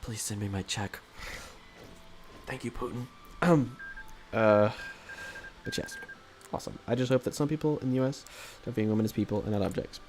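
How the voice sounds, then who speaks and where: A man's voice: medium pitch, big pitch swings, normal speed, pauses often, a little mellow, a little hiss or hum. A man streaming a strategy game live, commentating casually in a rambling, jokey way that keeps correcting itself.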